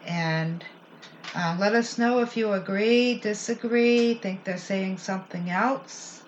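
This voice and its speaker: Speaking slowly at a medium pitch, a paranormal show co-host chats casually about recordings and asks for her partner's opinion. The recording is muffled and lo-fi, with a faint hiss.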